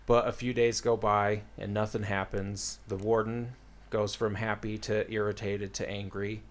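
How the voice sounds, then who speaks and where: This young man speaks in a lowish voice with little change in pitch, keeping a moderate pace. He's chatting casually while retelling a book's storyline, wandering off track and filling gaps with "like" and "uh."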